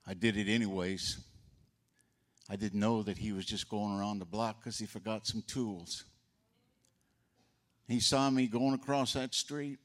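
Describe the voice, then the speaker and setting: Speaking at his sister's memorial, an older brother offers a folksy, story-filled eulogy, performing the voices of the characters he describes. He has a fairly low pitch, fairly even intonation and a measured pace broken by long pauses.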